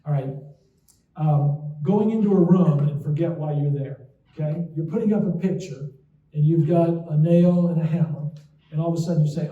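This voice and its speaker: Memory doc chatting to a crowd, slightly high voice, heard from far back in an echoey room. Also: male voice, moderate pace, a little hiss or hum. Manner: folksy storytelling with frequent "okay?" asides. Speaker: memory doctor giving a talk. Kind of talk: casual lecture with anecdotes. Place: talk to an audience in a hall. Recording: roomy, distant, dull lo-fi sound.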